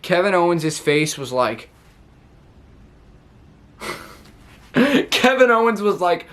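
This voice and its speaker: A man with a noticeably high-pitched voice runs through a casual recap vlog. He rambles and circles back as he retells what happened, like someone chatting straight to his viewers. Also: fairly bright tone. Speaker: wrestling show reviewer.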